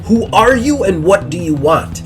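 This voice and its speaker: A man's voice: high-pitched, animated, measured pace, music in the background, voice pushed up. A man voicing a stern, frustrated female starship captain in a tabletop game. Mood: exasperated.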